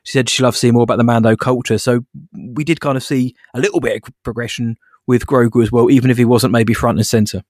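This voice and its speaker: A man co-hosting a casual podcast, talking in a measured, even-handed way. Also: medium pitch, no room sound, studio quality. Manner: measured, even-handed, calls his co-host mate. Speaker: podcast co-host.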